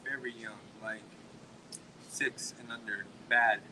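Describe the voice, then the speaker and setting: A man's voice: medium pitch, steady tone, slow pace, pushed and bright, slight background noise, low-quality recording. A man in his forties from Texas, telling stories in casual, profane podcast chat at a restaurant. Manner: profane, rambling storyteller full of "like". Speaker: podcast host.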